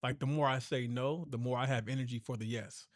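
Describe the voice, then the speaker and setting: A man's voice: medium pitch, fairly even intonation, a little fast, dry recording, studio quality. A man co-hosting a podcast, chatting in a reflective, rambling way with frequent restarts. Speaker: podcast co-host. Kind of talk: casual podcast chat.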